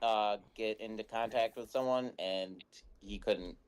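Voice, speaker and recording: Slow-talking man player, halting, casual game chat. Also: lowish voice, smooth. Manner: slow, halting, searching for words.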